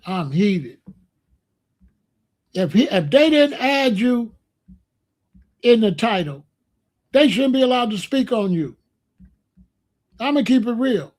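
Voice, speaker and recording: Heated man ranting. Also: sits high. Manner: angry, blunt, slangy, repetitive. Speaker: commentary channel host. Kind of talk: heated livestream rant.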